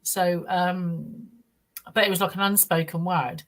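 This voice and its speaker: A middle-aged woman, a guest on a podcast interview. She tells a first-person account earnestly, in a halting way with many restarts. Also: on the low side, fairly even intonation. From United Kingdom.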